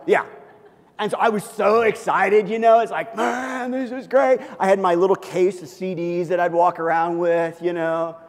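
A middle-aged man preaching a sermon, telling stories and joking with the congregation. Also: fairly high pitch. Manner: storytelling, animated, jokes with the congregation. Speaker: pastor. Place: church hall. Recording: long hall reverb, faint room noise.

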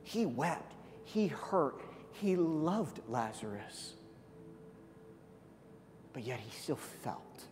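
A man preaching a sermon, dramatic, swinging from loud, high outbursts to soft, hushed passages. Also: sing-song, extremely slow, pauses often, long reverb tail, background noise. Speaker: pastor.

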